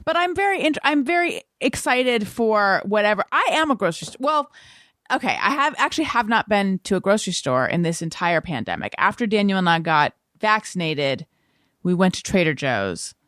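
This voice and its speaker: A woman's voice: mid-range voice, big pitch swings, moderate pace, fairly bright tone, no room sound, clean studio sound. A woman hosting a podcast in casual chat, asking curious questions. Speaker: podcast host.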